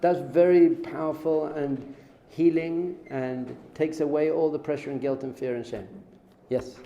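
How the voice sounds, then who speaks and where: A middle-aged man, a rabbi teaching an informal Torah class, lively and joking, acting out little dialogues. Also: fairly high pitch, a little slow. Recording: echoey room with faint noise.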